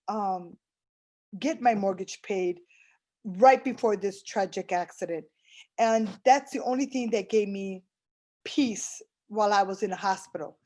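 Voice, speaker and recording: This middle-aged woman's voice is mid-range and a little mellow as she offers a heartfelt testimonial about the program she took part in. She recounts conversations, stumbling through fillers and restarts.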